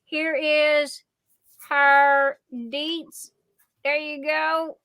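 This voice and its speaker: A middle-aged woman hosting a casual livestream, telling stories in a rambling, excitable way. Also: high voice, very slow. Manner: rambling, excitable, chatty storytelling. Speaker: livestream host.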